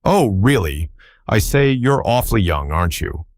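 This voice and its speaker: A man's voice: fairly low pitch, sing-song, normal speed, no room sound, clean studio sound. Man putting on a flustered posh young toff. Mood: bumbling. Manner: bumbling, stammering, slangy. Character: nervous, apologetic upper-class young man.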